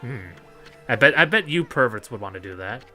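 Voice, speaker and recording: A man doing let's play commentary, joking and giggly, excitable about the game. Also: mid-range voice, a little fast, faint music behind.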